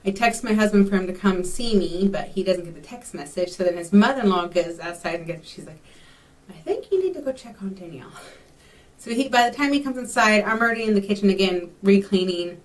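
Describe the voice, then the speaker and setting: In a casual vlog, a young woman from Texas chats through a meandering personal story packed with ums and likes. She speaks quickly at a medium pitch, with few pauses. The mic is far away.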